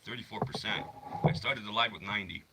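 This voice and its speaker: A man's voice: lowish voice, fast talker, heavy background noise. A man hosting a casual livestream from his phone, rambling, swearing freely, and answering chat messages. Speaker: livestream host.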